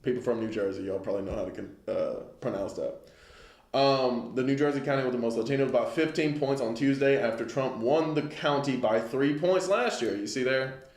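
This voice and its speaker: A man's voice: medium pitch, a little fast, a little mellow. Conversational male teacher in an echoey room. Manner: conversational, checks in with listeners, frequent restarts. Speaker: Bible class teacher. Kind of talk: casual lesson on current news.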